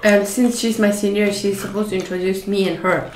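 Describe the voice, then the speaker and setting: A woman's voice: mid-range voice, a little fast, a little hiss or hum. Laughing woman telling stories in an echoey room. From Northeast India. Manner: laughing, animated storytelling. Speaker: food vlogger. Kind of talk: casual storytelling over a meal. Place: home, eating a meal. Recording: echoey room, faint clatter of dishes.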